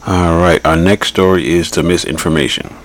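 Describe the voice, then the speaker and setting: A man's voice: low voice, fairly even intonation, moderate pace, slight background noise. A man hosting a podcast, giving blunt, rambling political commentary and repeating his points. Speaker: podcast host.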